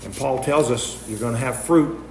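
A man preaching a sermon, earnest and emphatic, posing rhetorical questions and drawing sharp contrasts. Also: mid-range voice, moderate pace. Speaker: pastor. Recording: echoey room with faint noise.

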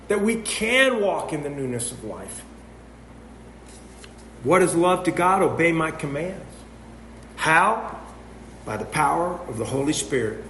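A man preaching a sermon, earnest and emphatic, posing rhetorical questions and drawing sharp contrasts. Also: fairly high pitch. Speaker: pastor. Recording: echoey room with faint noise.

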